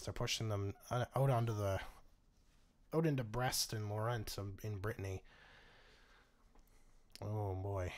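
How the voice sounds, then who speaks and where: A man with a somewhat low voice talks through a strategy game in a loose, casual way. He is wry and chuckles at the game, swearing freely when it surprises him. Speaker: gaming channel host.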